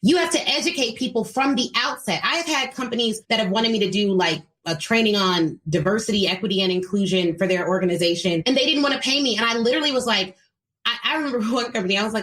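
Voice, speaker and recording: A woman's voice: mid-range voice, lively intonation, fast talker, a bit bright. An American woman hosting a solo podcast as a speaking coach, talking to listeners in an emphatic, preachy and direct way. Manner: plays quoted voices in her retelling. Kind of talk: solo motivational business talk.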